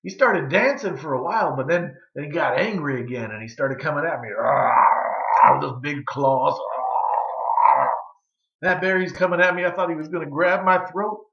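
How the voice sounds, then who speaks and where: A shaken old mountain man in a folk tale, drawling his words in a fairly high voice, as a man acts him out. The voice sits in a roomy space with a muffled, slightly dull sound. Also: moderate pace, natural voice. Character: shaken old backwoods man, Uncle Ike.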